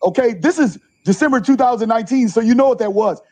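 A middle-aged man, a junior college basketball coach, telling animated stories in an interview and acting out the quotes. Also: extremely high pitch, quick pace. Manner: animated storyteller, acts out quotes. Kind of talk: interview storytelling.

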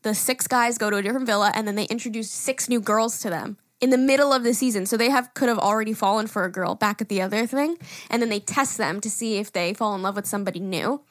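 A young woman co-hosting a casual podcast, animated, laughing often and swearing freely. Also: mid-range voice, quick pace, no echo, clean studio sound. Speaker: podcast co-host, daughter-in-law. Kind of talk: casual chat.

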